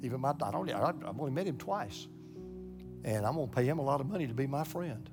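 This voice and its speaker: An older man preaches at his congregation, telling a personal story with lively energy, stumbling and repeating words as he gets worked up. His voice sits at an ordinary middle pitch, and guitar music plays clearly underneath him. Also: fast talker. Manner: animated, repeats words when excited, acts out quoted voices. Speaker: pastor. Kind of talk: sermon storytelling.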